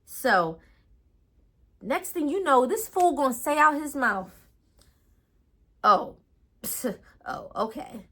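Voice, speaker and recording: A young adult woman telling a casual storytime vlog in an animated, ranting way with lots of slang. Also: sits high, slow pace, pauses often, slight background noise. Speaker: storytime vlogger.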